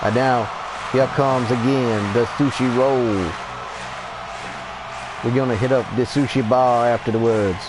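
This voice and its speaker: Slow-talking excited gaming commentator man. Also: mid-range voice, background noise. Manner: excitable play-by-play with profanity and laughter. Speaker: video game player and commentator. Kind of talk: let's-play wrestling commentary. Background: game music.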